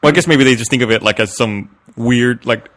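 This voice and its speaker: A man's voice: medium pitch, brisk, fairly bright tone. A man co-hosting a podcast, chatting casually with short, wry interjections and jokes. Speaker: podcast co-host. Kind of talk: casual chat.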